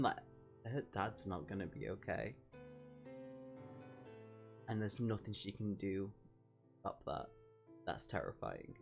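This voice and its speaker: A man hosting a book review vlog, reading excerpts from a novel aloud and breaking off to react. His voice sits at an everyday middle pitch, and his delivery is emphatic and expressive, swinging from glee to revulsion. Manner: emphatic, reacting with disgust and delight.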